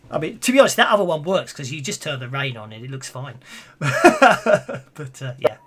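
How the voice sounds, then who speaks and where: A man running a tabletop game as game master, chatty and halting, often breaking into laughter. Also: on the high side, big pitch swings, fairly bright tone.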